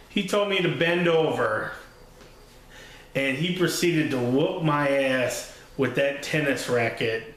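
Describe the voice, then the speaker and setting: Guy telling a story loose and rambly, cusses a lot, kinda high voice, super echoey room. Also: fairly bright tone. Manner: rambling, laughs often, swears freely. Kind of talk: casual spoken anecdote.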